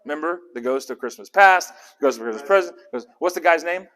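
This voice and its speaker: A man leading a casual Bible study, animated and conversational, often asking the group questions. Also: a little high, fairly quick.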